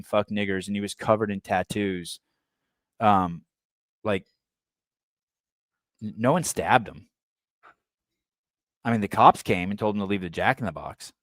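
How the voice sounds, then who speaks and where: With a lowish voice and no echo, a man hosting a podcast from the San Francisco Bay Area reads a news article. He regularly breaks off into blunt, provocative, irreverent remarks.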